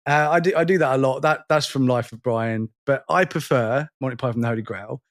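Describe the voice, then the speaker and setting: A man in his forties co-hosting a podcast, chatting casually and rambling with self-deprecating jokes. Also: medium pitch. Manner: rambling, self-deprecating, quick to laugh and quote lines. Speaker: podcast co-host. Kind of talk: casual chat.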